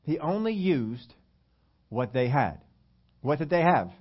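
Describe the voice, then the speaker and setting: A man preaching a sermon, acting out whiny complaining questions, then dropping low and slowing for emphasis. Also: sing-song. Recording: dull lo-fi sermon recording.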